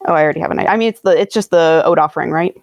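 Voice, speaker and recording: A woman's voice: deep voice, very fast, creaky, dry recording. A woman chatting casually as a tabletop game player, laughing often and filling her talk with "like". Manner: laughing often, many fillers like "like". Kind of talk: casual chat.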